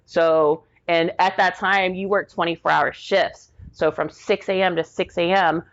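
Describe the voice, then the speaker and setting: Woman, 40s, veteran guest; low, rambling, casual storyteller; lo-fi recording. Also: fairly even intonation, unhurried. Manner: rambling, heavy use of "like", acts out quoted people.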